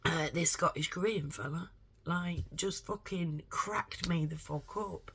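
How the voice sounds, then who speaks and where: A woman's voice: lowish voice, a little slow, fairly bright tone, a little hiss or hum. A woman vlogger giving a blunt, rambling opinion monologue to camera, swearing heavily and speaking emphatically.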